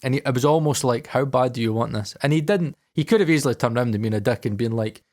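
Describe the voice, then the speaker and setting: Brief: male podcast co-host, casual and sweary, mid-range voice, animated storyteller. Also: medium pitch, quick pace. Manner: swears a lot and acts out quoted dialogue. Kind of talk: casual chat.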